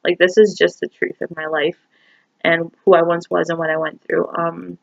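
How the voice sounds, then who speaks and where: A woman's voice: on the low side, little pitch movement, moderate pace, creaky, no room sound. A woman in her twenties telling a painful personal story to camera, rambling and emotional, filling her talk with "like" and "you know.". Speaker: vlogger. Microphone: phone. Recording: dull lo-fi phone recording.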